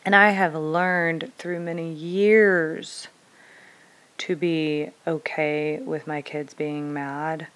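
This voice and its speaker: A woman's voice: low-pitched, fairly even intonation, extremely slow, fairly bright tone, smooth. A woman in her thirties, a parent, telling a personal story in a candid, conversational and reflective way. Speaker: parent vlogger.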